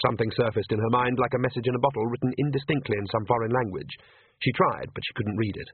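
A man's voice: mid-range voice, steady tone, quick pace, slightly rough. A man narrating an audiobook with wry, dry storytelling, on a tinny phone-like recording.

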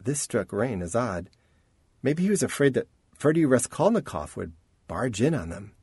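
A male audiobook narrator with a mid-pitched voice that rises and falls with lively inflection. He reads in a measured, expressive way. The recording is close and dry, with no room echo. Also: breathy edge. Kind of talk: scripted narration.

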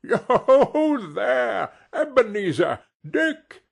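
A man voicing a plump, jovial old male employer who shouts with hearty cheer. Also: very high-pitched, sing-song, very slow, gravelly, pitched above the performer's own voice, heavily acted. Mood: jovial shouting. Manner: boisterous and cheery.

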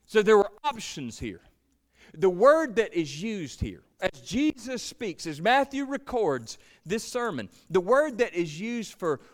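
Earnest man preaching a sermon. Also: on the high side. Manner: earnest preaching, swells and drops in volume, repeats words. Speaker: pastor.

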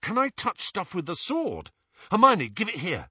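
Blunt young wizard sidekick, read by a man: exasperated, raised, loud. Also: sits high, wildly swooping pitch, normal speed, husky, no echo, dull audio, voice pushed up, full character voice. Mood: flustered.

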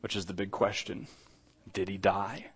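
A man preaching a sermon in a conversational way. He often repeats words and restarts, then swells louder on key points. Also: low-pitched, little pitch movement, normal speed, breathy edge. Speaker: pastor.

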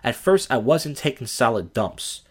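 A man's voice: medium pitch, very animated, moderate pace. A man hosting a podcast, telling crude, rambling, self-deprecating stories in a casual monologue. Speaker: podcast host.

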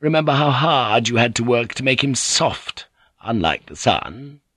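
A man's voice: mid-range voice, very animated, unhurried, fairly bright tone, husky, no room sound, heavily acted. A man lifts his voice to play an older, earthy teahouse madam, knowing and sly, with a chuckle under every line. The reading is close and dry, with no room in it. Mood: shrewd. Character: shrewd, earthy older woman running a teahouse.

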